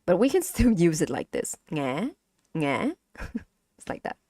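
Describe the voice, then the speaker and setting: A young woman with a Vietnamese accent, teaching Vietnamese on a casual stream, speaking haltingly with many fillers and repeats. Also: on the low side, very animated, mellow, no room sound, clean studio sound. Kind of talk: casual language lesson stream.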